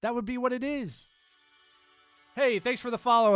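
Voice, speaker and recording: A man's voice: extremely high pitch, moderate pace, fairly bright tone, clear, resonant tone, dry recording, soft background music. A man hosting a live stream, giving a rambling, sarcastic political rant and mocking other people's views. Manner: sarcastic, ranting, mocks others in put-on quotes. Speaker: livestream host.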